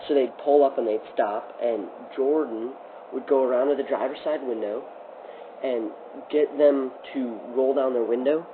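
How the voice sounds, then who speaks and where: A young man tells a rambling story among friends, stumbling over fillers and restarts as he goes. His voice comes through a tinny, phone-like recording with a steady hiss behind it. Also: medium pitch, moderate pace. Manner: rambling, laughing, lots of fillers. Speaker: storyteller host.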